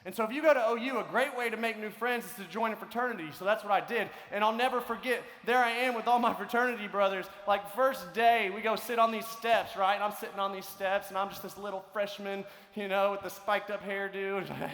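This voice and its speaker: A man telling a story in a sermon to students, swinging between loud, lively stretches and hushed ones. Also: sits high, fairly quick, hardly any pauses. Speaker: conference speaker. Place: large hall. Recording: echoey large hall.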